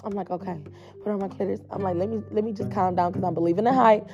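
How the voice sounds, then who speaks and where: A woman with a gravelly, mellow voice tells a frank, swear-filled story straight to her viewers. She talks in a loose, chatty storytime style. Faint music plays behind her. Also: mid-range voice, steady tone, racing, muffled recording. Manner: blunt, profane, chatty, speaks straight to the listeners. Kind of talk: casual storytime vlog.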